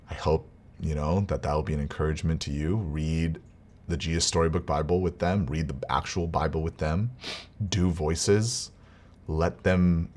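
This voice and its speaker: A man telling a personal family story in a casual, rambling, earnest way. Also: very deep voice. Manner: rambling, earnest, with restarts and quiet laughs. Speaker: vlogger, father.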